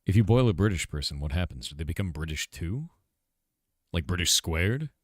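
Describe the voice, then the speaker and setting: A middle-aged American man hosting a live stream, his low voice swooping up and down as he riffs on jokes with chat. Quiet music plays faintly behind him. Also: expressive, a little fast. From United States. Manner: jokey, riffing banter with chat. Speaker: game developer streamer.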